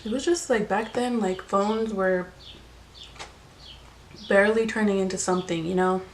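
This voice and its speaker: A woman's voice: mid-range voice, steady tone, normal speed, slight background noise. Chatty young woman telling a story. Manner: chatty, lots of "like" fillers and swearing. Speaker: vlogger. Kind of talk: casual storytime while eating.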